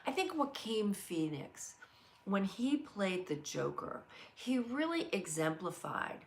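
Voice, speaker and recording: A woman's voice: medium pitch, sing-song, slow. A middle-aged woman hosting a live inspirational talk, speaking earnestly and telling stories while reading out viewer comments. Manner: earnest, storytelling, reads viewer comments aloud. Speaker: host of a live inspirational show. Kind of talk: heartfelt live motivational talk.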